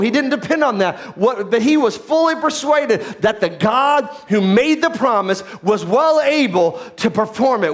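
A man preaching a sermon as pastor, swinging between loud, excited preaching and low, quiet asides.

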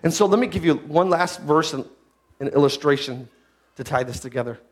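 High-voiced preaching man, loud then hushed. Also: brisk. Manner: swings from loud preaching to low quiet asides. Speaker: pastor. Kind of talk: sermon.

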